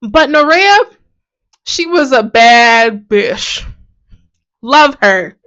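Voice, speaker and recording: A woman hosting a video, giving casual, animated commentary on ancient texts with a sarcastic edge and frequent laughs. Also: a little high, drawn-out words, dull audio. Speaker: video host.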